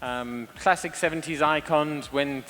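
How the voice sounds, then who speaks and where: On stage in a large event hall, a lead hairstylist talks about his creative ideas and classic techniques, reflective and earnest, often restarting his sentences. His voice is fairly high and fairly bright at a measured pace, heard in a live hall with long reverb over soft background music.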